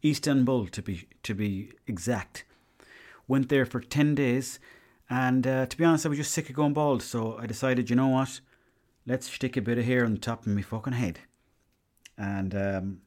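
Man, irish accent, young adult, podcast host, casual rambling story, swears a lot, middle pitch. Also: a little mellow. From Ireland. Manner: rambling and profane, with quick quoted asides.

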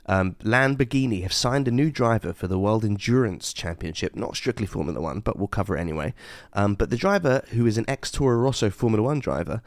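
A man's voice: fairly low pitch, animated, quick pace, few pauses, dry recording, studio quality. A man co-hosting a podcast in casual, jokey chat, often breaking into silly voices. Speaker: podcast co-host.

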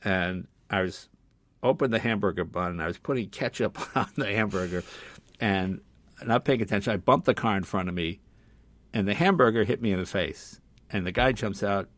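An older man, a guest on an interview show, telling casual anecdotes in an animated way. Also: lowish voice, moderate pace, dry recording. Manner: animated, loud when acting out quotes.

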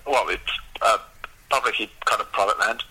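A man's voice: fairly low pitch, moderate pace, bright, forceful tone, slightly rough. A man phoning in from the roadside, flustered and stammering. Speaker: phone-in guest. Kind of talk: casual phone chat. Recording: phone line.

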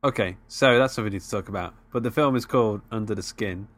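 Podcast co-host, male, lower-pitched; laid-back and teasing in casual conversation. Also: fast. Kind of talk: casual chat.

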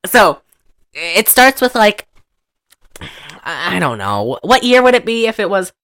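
A woman's voice: medium pitch, big pitch swings, measured pace, a bit bright. A woman hosting a casual podcast chat, teasing her co-hosts and recapping a film's plot with jokes. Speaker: podcast host. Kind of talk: casual chat reviewing a movie.

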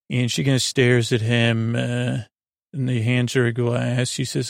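A man's voice: mid-range voice, flat delivery, measured pace, gravelly, dry recording, studio quality. A man hosting a sleep podcast, loosely retelling a TV episode in a rambling, casual way with lots of fillers. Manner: loose, filler-heavy retelling, "he goes, she goes". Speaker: podcast host.

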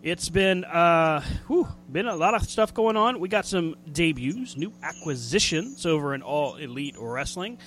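A man's voice: a little high, expressive, unhurried, few pauses, fairly bright tone, slight background noise. A man hosting a wrestling radio show, chatting casually in a jokey, rambling way and laughing easily. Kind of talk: casual chat.

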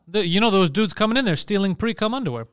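A man's voice: high-pitched, fairly bright tone, clean tone, dry recording, studio quality. A man, a comedian hosting a podcast, trading crude jokes and stories in casual chat. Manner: crude, quick jokey banter.

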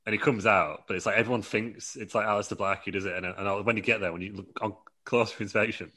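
Low-voiced man, rambling and laughing. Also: steady tone, quick pace, bright, forceful tone. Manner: rambling, laughing, acting out quotes in put-on voices. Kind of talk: casual chat, pitching a wrestling storyline.

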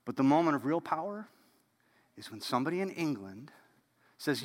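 A man preaching a storytelling sermon as pastor, animated and dropping to a hush at key moments. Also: on the high side, moderate pace, pauses often, big-room sound.

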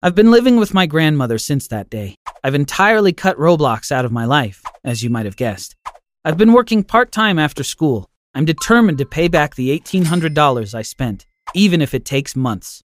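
A man's voice: a little high, sing-song, normal speed. A man narrating an earnest first-person story in a scripted style.

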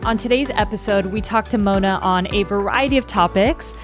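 A woman's voice: medium pitch, a little fast. Earnest woman podcast host over music. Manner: earnest, heartfelt. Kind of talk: podcast interview.

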